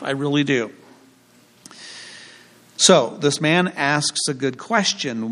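A man's voice: on the high side, slow, pauses often, bright, forceful tone. A man preaching a sermon as pastor, in a conversational way with jokes and rhetorical questions.

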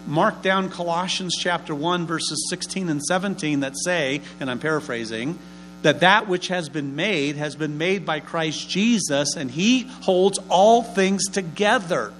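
A higher-pitched man preaches with energy, firing off questions to the congregation and answering them himself. He slips in light, homely jokes between points, and a faint electrical hum sits under his voice. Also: measured pace, rough recording. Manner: lively, asks and answers his own questions; homely humorous asides. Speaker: pastor. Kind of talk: sermon.

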